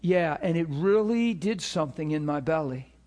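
A man preaching to a ministry school, telling a story with emphatic, animated delivery and acted-out dialogue. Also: normal speed. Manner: animated, emphatic, acts out dialogue with rising pitch. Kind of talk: sermon storytelling.

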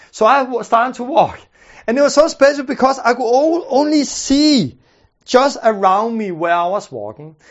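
Earnest high-voiced man telling a story. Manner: earnest, halting, with many restarts and repeated words. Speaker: preacher telling a testimony. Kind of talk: storytelling testimony. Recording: muffled lo-fi recording.

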